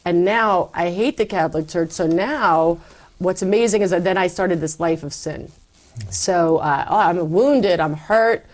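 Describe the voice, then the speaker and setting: A woman guest telling her faith story in an interview, animated and acting out her past self. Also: fairly low pitch, unhurried. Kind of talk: personal faith testimony.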